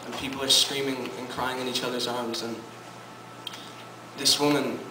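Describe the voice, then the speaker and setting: A man quietly telling a story to introduce a song at a live coffee house performance, strumming as he talks. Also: mid-range voice, flat delivery, noisy background. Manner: quiet, unhurried storytelling over guitar. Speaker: singer-songwriter performing live. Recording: roomy, distant live recording with loud guitar. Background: loud live acoustic guitar.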